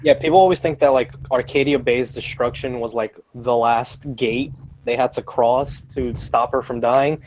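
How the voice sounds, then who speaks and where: A man's voice: mid-range voice, steady tone, moderate pace, few pauses, darkish tone, poor audio. A man in a casual podcast chat who often restarts his sentences. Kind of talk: casual group chat on a video call.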